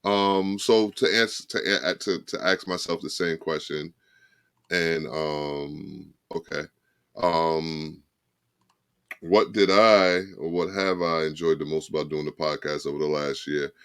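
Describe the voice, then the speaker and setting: A man co-hosting a podcast, talking in a reflective, halting way with many restarts. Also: very deep voice, steady tone, fairly bright tone, smooth, dry recording, studio quality. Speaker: podcast co-host. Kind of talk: casual podcast chat.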